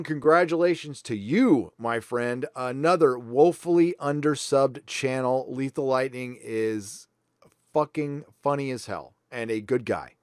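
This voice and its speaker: Blunt, lively man reading donations. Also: mid-range voice, no echo, studio quality. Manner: blunt and profane, sarcastic asides. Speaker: livestream host. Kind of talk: casual livestream chat reading viewer donations.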